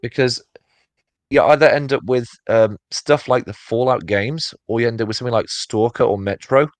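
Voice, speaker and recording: A man's voice: medium pitch, normal speed, no echo. Rambling casual man, dry sound. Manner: rambling, lots of fillers and restarts. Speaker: podcast co-host. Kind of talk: casual chat.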